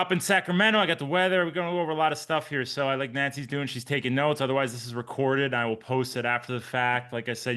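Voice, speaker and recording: A man in his forties gives a live pre-race briefing as a triathlon coach. His voice is bright and forceful, and his pitch sits in the middle of the male range. He talks in an energetic, chatty way and jokes with the people listening, heard through a computer mic on a video call. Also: smooth. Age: 40s.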